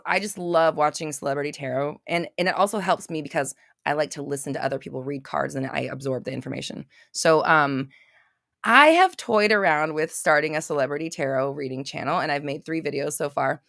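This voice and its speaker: A woman's voice: sits low, animated, a little fast, creaky, fairly bright tone, dry recording, studio quality. A young adult woman hosting a casual live-stream chat, talking bluntly and swearing freely as she rants. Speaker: podcast host.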